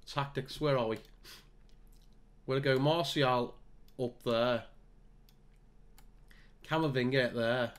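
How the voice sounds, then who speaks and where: A man's voice: medium pitch, slow, pauses often. A man commentating on his own football management game, muttering to himself and bursting out when goals come. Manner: excitable, talks to himself, groans and mutters between bursts. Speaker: gaming YouTuber.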